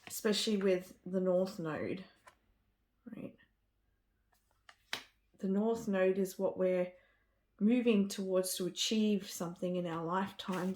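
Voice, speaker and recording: A woman's voice: fairly low pitch, gravelly, a little mellow. A woman giving a spiritual card reading to camera. She talks with gushing enthusiasm and often trails off and restarts. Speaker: tarot card reader.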